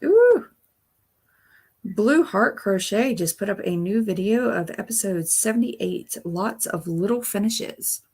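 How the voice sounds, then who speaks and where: Bubbly woman with a gravelly, husky voice. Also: mid-range voice, unhurried, hardly any pauses. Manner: bubbly, chatty, exclaims often. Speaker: crochet channel host. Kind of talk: casual live-stream chat.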